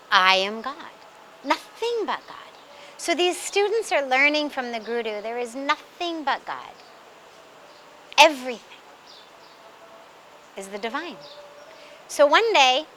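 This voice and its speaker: High, slow-spoken spiritual teacher woman. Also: bright, forceful tone, a little hiss or hum. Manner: slow, deliberate, emphatic. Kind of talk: spiritual storytelling talk.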